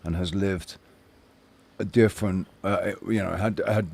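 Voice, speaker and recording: A man musing haltingly in a casual podcast chat, often searching for words. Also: low-pitched, fairly even intonation, creaky, noisy background.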